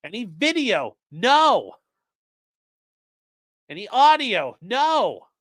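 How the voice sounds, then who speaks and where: Brief: male streamer, lively, a bit high-pitched, swears freely, dry close sound. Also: moderate pace, no room sound. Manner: profane, animated, reads quotes in shifting voices. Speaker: legal commentary streamer. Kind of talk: casual live-stream commentary reading a transcript.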